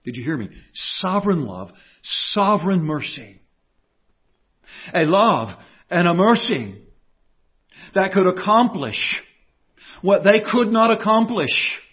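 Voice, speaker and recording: Male preacher, high husky voice, emphatic repetition, dull lo-fi sermon tape. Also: big pitch swings, slow, pauses often. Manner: emphatic, repeats key phrases and asks the listeners rhetorical questions.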